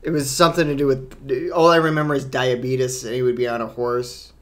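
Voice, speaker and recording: A man's voice: medium pitch, little pitch movement, a little fast, a bit bright. A man co-hosting a casual live stream, rambling and laughing often as he chats. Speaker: co-host.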